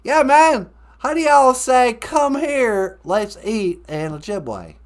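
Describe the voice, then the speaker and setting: A man's voice: very high voice, animated, slow, full character voice. A man doing a comedy impression of a rambling, stammering ex-president cowboy with a drawl. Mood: folksy. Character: folksy boastful ex-president cowboy, male.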